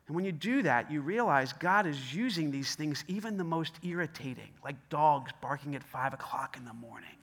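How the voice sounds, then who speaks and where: Bright, high-voiced preaching man. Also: lively intonation, moderate pace, hardly any pauses. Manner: emphatic, repetitive, conversational. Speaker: pastor. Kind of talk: sermon.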